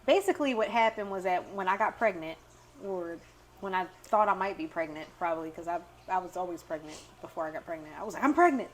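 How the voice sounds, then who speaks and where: Talking fast in a lowish voice, this podcast co-host chats casually and animatedly tells stories, acting out quotes as she goes. There's slight background noise.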